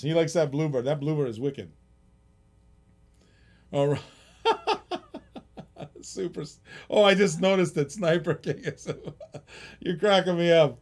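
A man's voice: a little high, expressive, measured pace, long pauses, a little mellow, breathy edge. Chatty man hosting a live auction. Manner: rambling, chuckles often, reads out bids.

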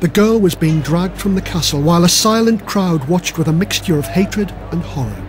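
High-voiced man narrating a dramatic story. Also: lively intonation, moderate pace, a little hiss or hum. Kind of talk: scripted narration of a children's history story.

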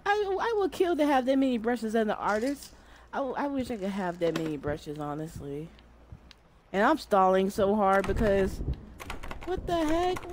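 Young female streamer, scared chatter, lively and a bit high, noisy background. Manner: jumpy, chatty, talks to the game and viewers. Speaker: gamer streamer. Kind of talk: let's-play commentary.

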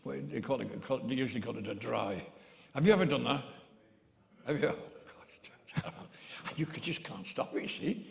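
A man's voice: medium pitch, expressive, a little fast, creaky, long pauses. An older man, a comedian, telling rambling comic stories on stage with many stammered restarts. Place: theatre stage. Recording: long hall reverb.

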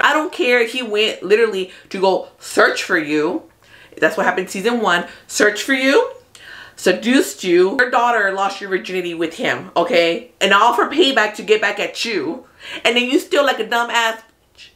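A woman hosting a casual TV recap, talking in an animated, chatty way, swearing freely and acting out what the characters say. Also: mid-range voice, moderate pace. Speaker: host of a TV recap channel. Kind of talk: casual spoilery show recap.

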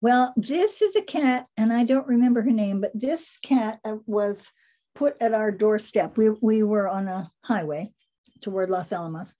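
An older woman casually telling stories over a slide show, animated, often laughing and trailing off mid-sentence. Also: medium pitch, moderate pace. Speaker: animal trainer presenting photos.

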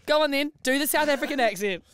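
A woman's voice: high-pitched, fast, fairly bright tone, a little hiss or hum. A young woman with a New Zealand accent, co-hosting a radio show, teasing and prompting her co-host with a laugh. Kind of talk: casual radio banter.

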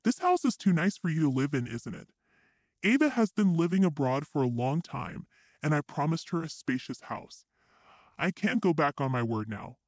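A man's voice: a little high, very animated, normal speed, no echo, muffled recording. A man voicing a domineering, impatient husband who speaks in curt demands.

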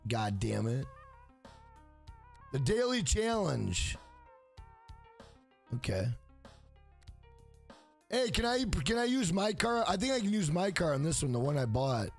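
Slow and full of pauses, his slightly high voice carries vocal fry as he streams a game live against game music. He still curses and trash-talks the screen excitedly and greets and thanks viewers in the chat.

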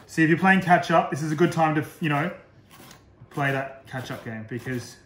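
A man's voice: a little high, normal speed, fairly bright tone. A man, a chef giving a chatty, self-deprecating live cooking demonstration from a kitchen. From Australia. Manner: chatty, self-deprecating, laughs at own slips. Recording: roomy echo, faint noise.

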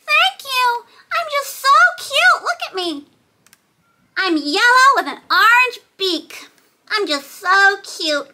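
A woman voicing a cute, self-admiring little toy duck in a squeaky, giggly voice. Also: big pitch swings, slow pace, bright, forceful tone, slight background noise, full character voice. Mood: proud.

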